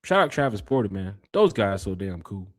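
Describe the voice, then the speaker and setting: A man's voice: fairly low pitch, very animated, fairly quick. Man hosting a laid-back fan podcast. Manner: reads chat comments aloud with shout-outs. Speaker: podcast host. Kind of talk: casual live-stream chat.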